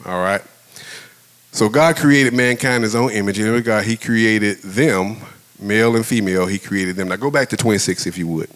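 This middle-aged pastor's storytelling sermon moves at a moderate pace, addressed to his congregation as if they were old friends. He's loose and lively, acting out the story with sudden leaps in pitch and frequent laughter.

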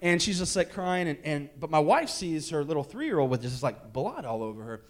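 A man's voice: fairly high pitch, animated, brisk. A man in his thirties, a pastor telling a candid family story in a sermon with jokes and restarts. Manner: candid, joking, many restarts.

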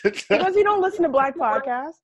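A woman's voice: sits high, very animated, fairly quick, a crowd in the background. A woman co-hosting a podcast, giggly and playful in casual chat. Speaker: podcast co-host.

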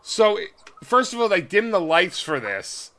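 Lively, bright-voiced joking man. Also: high voice, unhurried. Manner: joking, playfully stubborn. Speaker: podcast co-host. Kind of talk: casual banter.

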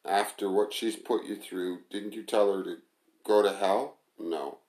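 A man's voice: lowish voice, steady tone, a little slow, a little mellow, close to an everyday voice. A man voicing a blunt, scornful male restaurant manager who mocks and lectures his friend. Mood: contemptuous. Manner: mocking, bossy, insulting. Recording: roomy echo.

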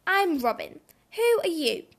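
A woman's voice: high voice, measured pace. A woman voicing a cheerful male robin who laughs and explains things kindly in a storybook.

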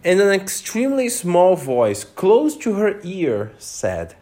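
Man reading a storybook aloud slowly. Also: sits high. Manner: animated, unhurried, pauses to explain words.

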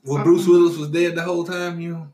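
A man's voice: on the high side, little pitch movement, a little fast, mellow, slight background noise. A man casually quizzing his friends on pop-culture trivia, teasing and cursing freely. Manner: profane, teasing quizmaster. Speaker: host asking trivia. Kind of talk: casual chat. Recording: echoey room with faint ambience.

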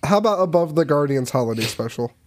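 Young male podcast co-host, slightly higher-pitched voice, lively joking banter, casual chat. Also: quick pace, slight background noise. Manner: animated, joking, leads the ranking.

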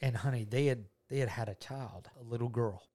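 A middle-aged man with a drawl tells a family story in a relaxed, rambling way. His voice sits at an ordinary pitch for a man. He repeats himself often and slips into the voices of the people he describes. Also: a little fast. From Georgia, USA. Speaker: father telling a story to his child.

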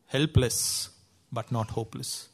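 Slow-talking earnest man preaching. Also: mid-range voice, creaky, husky. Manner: earnest, emphatic, acts out the story's voices. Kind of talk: sermon with storytelling.

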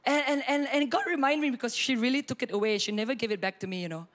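A middle-aged woman pastor tells a personal story from the pulpit. Her voice sits slightly high and leaps up when she acts out what people said. She talks in a lively, expressive way. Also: quick pace. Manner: animated storytelling, acts out quotes with sudden high bursts and laughter.

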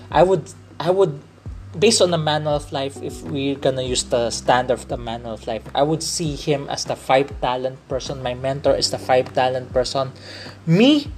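Earnest man with a Filipino accent. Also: mid-range voice. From Philippines. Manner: earnest, repeats and restates phrases. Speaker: podcast host. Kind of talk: faith-based motivational podcast talk.

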